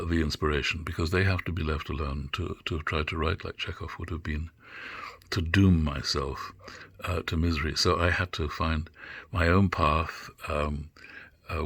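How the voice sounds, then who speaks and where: An older man talks through a drama lecture off the cuff, his voice deep and gravelly. He muses aloud and halts often, circling back with fillers and restarts. The sound is dry and close. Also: fairly bright tone, dry recording. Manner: musing, halting with many fillers and restarts. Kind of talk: unscripted lecture.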